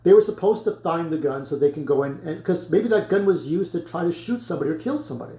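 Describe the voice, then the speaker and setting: Male vlogger, blunt rant, curses freely; slightly high voice, echoey room. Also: lively intonation, fast talker, mellow. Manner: blunt, rambling, swears freely. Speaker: YouTuber vlogging to camera. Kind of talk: casual rant to camera.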